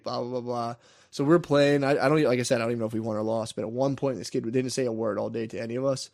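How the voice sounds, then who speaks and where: A man's voice: mid-range voice, steady tone, very fast, creaky, darkish tone. A young man telling a wild story in casual, profane chat, laughing often.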